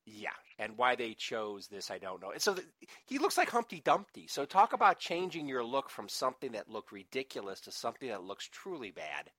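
A man's voice: mid-range voice, big pitch swings, a little fast, hardly any pauses, fairly bright tone, no room sound. A man co-hosting a podcast, chatting casually and rambling with restarts and laughter. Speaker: podcast co-host. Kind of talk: casual chat.

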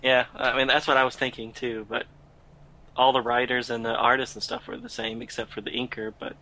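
Podcast guy musing over details, bright sharp voice. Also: medium pitch, flat delivery, brisk, low-quality recording. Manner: thoughtful, questioning, a few restarts. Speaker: podcast co-host. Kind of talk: casual chat.

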